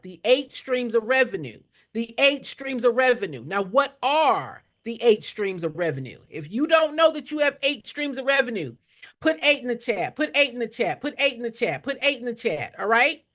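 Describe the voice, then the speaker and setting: A woman's voice: on the high side, sing-song, normal speed, a bit bright. A woman fundraising coach teaching a live class with emphatic, repetitive call-and-response, often asking listeners to answer in the chat.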